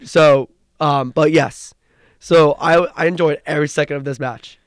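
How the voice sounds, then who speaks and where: A young man co-hosting a casual podcast chat rambles excitedly through a recap, often restarting his sentences. His voice is a little high, smooth, and resonant. He talks at a normal speed, and the recording is dry and close.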